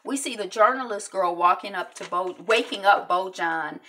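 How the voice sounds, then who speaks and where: A woman's voice: mid-range voice, moderate pace, a bit bright. A woman giving a casual recap of a TV episode, acting out the characters' lines as she retells each scene. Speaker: TV recap reviewer.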